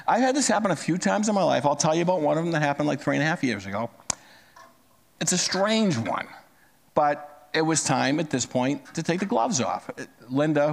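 A man's voice: fairly high pitch, creaky. A man in his sixties telling a personal story in a plain-spoken, conversational way. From United States. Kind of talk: storytelling talk.

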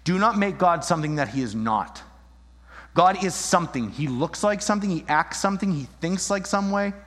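A man delivers an animated sermon in a fairly high voice. He acts out scenes and swings between voices as he presses his point. His words ring out with a long reverb through a hall. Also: normal speed. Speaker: pastor. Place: church.

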